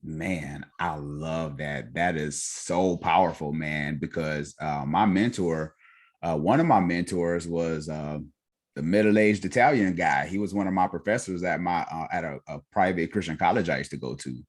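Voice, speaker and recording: A young man hosting a podcast, soft-spoken and affirming in casual talk. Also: sits low, moderate pace. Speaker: podcast host.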